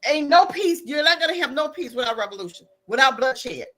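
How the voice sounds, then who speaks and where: A woman's voice: sits high, animated, brisk, fairly bright tone. A woman giving blunt, impassioned commentary as a guest on a podcast.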